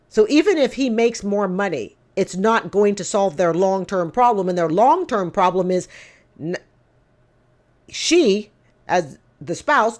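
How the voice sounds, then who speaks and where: A woman's voice: medium pitch, a little mellow. A woman in her fifties giving casual, opinionated commentary, blunt and emphatic, repeating her points to drive them home. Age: 50s. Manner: lecturing, addresses people directly. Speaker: commentator reacting to call-in show clips.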